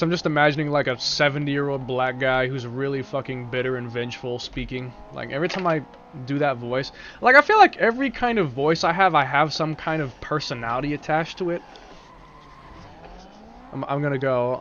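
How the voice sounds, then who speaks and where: A man's voice: mid-range voice, brisk, a bit bright, lo-fi sound, a little hiss or hum. Man chatting on stream with a sore throat. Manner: rambling, casual, swears freely. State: sore throat, speaking carefully. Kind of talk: casual live-stream chat while gaming.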